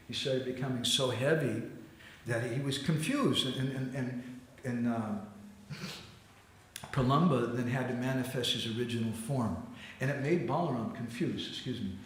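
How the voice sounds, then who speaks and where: A man giving a storytelling sermon in a temple hall, animated, acting out quotes and laughing often. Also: mid-range voice. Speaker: spiritual teacher giving a class.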